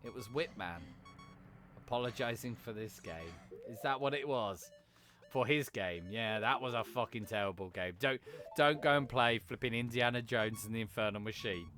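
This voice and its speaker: A man chatting casually while he plays on a live stream, swearing freely and cracking quick jokes. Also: medium pitch, bright, forceful tone.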